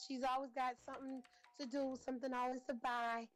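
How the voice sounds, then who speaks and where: A woman's voice: sits high, level tone, a little fast, soft background music, low-quality recording. A woman giving a rambling, heartfelt tribute speech with many fillers. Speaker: roaster.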